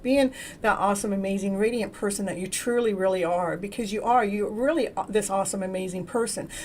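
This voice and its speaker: A woman's voice: mid-range voice, darkish tone, a little hiss or hum. A woman hosting a live tarot reading who chats with viewers by name, laughs often and trips over and repeats her words. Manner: talks to viewers in the chat by name. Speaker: tarot reader and show host.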